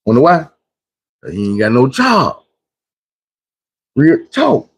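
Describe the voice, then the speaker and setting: Blunt, husky-voiced man preaching. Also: medium pitch, huge pitch swings, slow pace. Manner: blunt, preachy street talk, acts out quotes. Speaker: livestream host. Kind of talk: casual livestream monologue.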